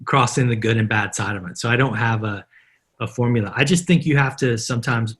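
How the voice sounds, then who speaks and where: A man's voice: medium pitch, fairly quick, slightly rough. A middle-aged man, a marketer, is a podcast interview guest who tells stories and acts out the dialogue in them. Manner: animated anecdotes, acting out quoted dialogue.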